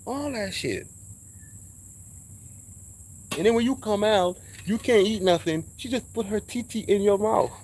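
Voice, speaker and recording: A man's voice: sits high, husky. A man giving a casual spiritual monologue, preachy and emphatic, swearing freely as he talks. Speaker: speaker sharing spiritual views.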